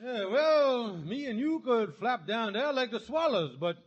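An actor playing a scheming, fast-talking middle-aged husband in a 1950s radio comedy, wisecracking and stammering when cornered. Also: male voice, very high voice, lively intonation, breathy edge, muffled recording, full character voice. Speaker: lead comic character. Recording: scratchy old radio recording with hiss.

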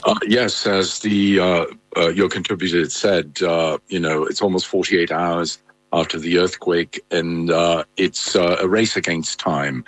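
A male correspondent answering live news questions, halting with many fillers and restarts. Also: low voice, fairly even intonation, no room sound, poor audio.

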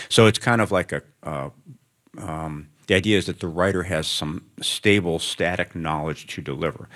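A man's voice: sits low, fairly bright tone. A man, a writer, answering questions onstage before a student audience, reflective and wandering, with wry asides. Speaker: writer, guest of an onstage interview.

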